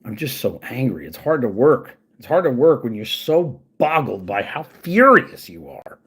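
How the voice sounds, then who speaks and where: A man with a husky, slightly rough voice rants to his own audience, swearing freely and turning sarcastic. His pitch swings widely as he talks, rising sharply when he gets angry. He mutters asides while working at a computer. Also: sing-song, normal speed, a bit bright. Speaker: channel host. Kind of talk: casual rant to camera.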